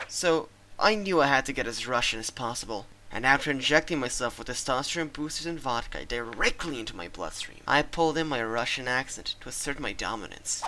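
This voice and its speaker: A young man giving scripted, sarcastic comedic narration with deadpan asides. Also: medium pitch, a little fast, few pauses, a little hiss or hum. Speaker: channel host and narrator.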